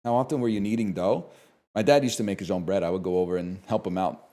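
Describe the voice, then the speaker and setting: A man's voice: low-pitched, quick pace. A man from Canada chatting live on his stream, ranting and swearing at his chat. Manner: animated, profane ranting to chat.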